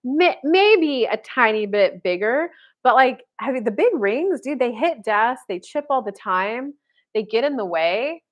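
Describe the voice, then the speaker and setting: A woman's voice: a little high, lively intonation, unhurried. A woman in her thirties, a spiritual dating coach, chatting casually on a live stream and answering viewers, full of "like" fillers and blunt casual swearing.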